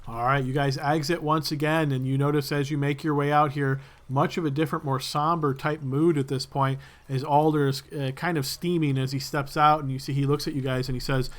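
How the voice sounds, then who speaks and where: A man's voice: a little high, level tone, brisk, hardly any pauses. A man running a tabletop game as game master, explaining rules and narrating at an easy pace.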